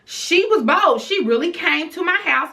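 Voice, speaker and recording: A woman vlogger casually retelling a heated personal story, animated and outspoken, full of slang and "I'm like.". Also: very high-pitched, unhurried.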